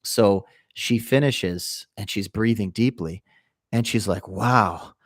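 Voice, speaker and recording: A young man hosting a livestream, telling a long anecdote in a calm, rambling way with fillers. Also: fairly low pitch, takes it slowly, no room sound, studio quality. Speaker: livestream host. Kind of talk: casual storytelling to a live chat.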